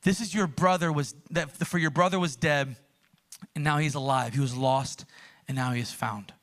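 A man voicing a gentle loving father. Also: fairly even intonation, moderate pace, natural voice. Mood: tender. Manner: soft, tender, lowered voice.

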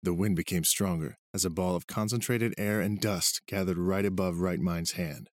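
A man reading an audiobook chapter aloud as narrator, in a steady storytelling way. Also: sits low, normal speed, no room sound, clean studio sound. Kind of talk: scripted narration. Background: music.

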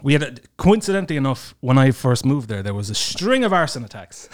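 A man's voice: medium pitch, big pitch swings, brisk. Laid-back man telling rambling stories. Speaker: guest. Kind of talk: casual chat.

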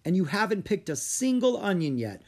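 A man reading aloud and voicing a patient, matter-of-fact mother who gently scolds her son. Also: sits high, sing-song, moderate pace, pitched above the performer's own voice. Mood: scolding. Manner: mildly scolding.

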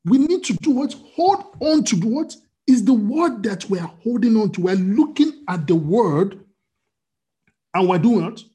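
Animated pastor preaching. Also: male voice, high-pitched, measured pace. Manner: animated preaching with rhetorical questions. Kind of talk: sermon.

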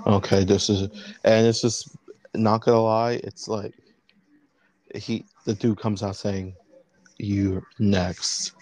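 A man narrating a casual role-play story as game master, in a halting, laid-back way. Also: lowish voice, little pitch movement, darkish tone.

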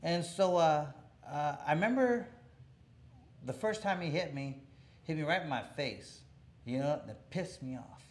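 Rambling storyteller man, fairly high voice. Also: expressive, unhurried. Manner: rambling, many restarts, laughs while telling. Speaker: former boxer telling a story. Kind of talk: casual storytelling interview.

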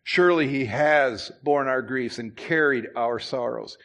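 A man preaching a sermon in church, conversational with asides and restarts, who climbs louder and higher to drive his points home. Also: unhurried. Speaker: pastor.

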